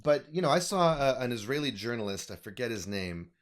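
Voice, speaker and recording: A man co-hosting a podcast, telling a story with animated sarcasm. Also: medium pitch, a little fast. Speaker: podcast co-host. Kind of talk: casual political chat.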